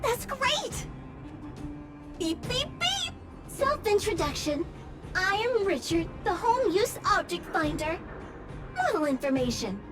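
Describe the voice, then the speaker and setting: A tiny, cheeky robot gadget in a game, squeaking out beeps in a very high, bouncy voice. It rattles off its model specs like a sassy appliance. Game music plays underneath. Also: female voice, big pitch swings, measured pace, exaggerated voice. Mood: chirpy. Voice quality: says "beep" aloud between lines. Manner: sassy, cheerful, singsong announcements. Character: chirpy small robot object finder, cheeky. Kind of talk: video game voice acting. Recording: game audio with background music.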